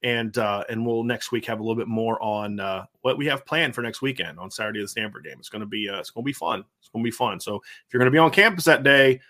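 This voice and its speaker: A man with a Savannah, Georgia accent hosting a sports podcast, excitable and rambling, often repeating himself. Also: on the low side, quick pace, hardly any pauses. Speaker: podcast host. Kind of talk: casual sports podcast chat.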